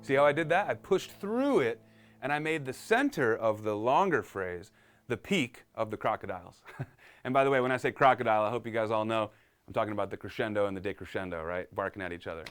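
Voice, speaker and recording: Speaking quickly with lively intonation, a piano teacher with a smooth, lowish male voice hosts an upbeat, chatty live-streamed lesson. He reads viewer comments out loud and explains things as he goes.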